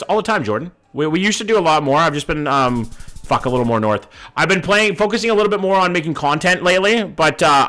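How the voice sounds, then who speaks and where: Reading chat on a live stream, a Vancouver man in his thirties guesses locations and swears now and then in a casual way. His voice is mid-range with a fairly bright tone.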